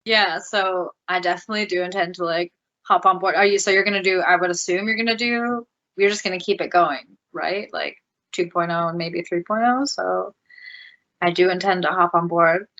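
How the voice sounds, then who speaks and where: A woman with a fairly low voice hosts a podcast in casual conversation. She rambles through her questions, giggles often and is effusive. The sound is dull and muffled. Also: steady tone, normal speed, fairly bright tone. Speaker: podcast host. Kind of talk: casual interview chat.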